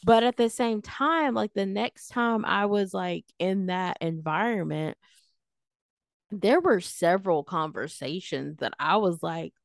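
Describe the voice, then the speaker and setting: A young woman co-hosting a podcast, talking casually in a rambling, animated way and acting out what people said. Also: medium pitch, a little slow, vocal fry, dry recording, clean studio sound. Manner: rambling, animated, acts out quoted voices. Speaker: podcast co-host. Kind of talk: casual chat.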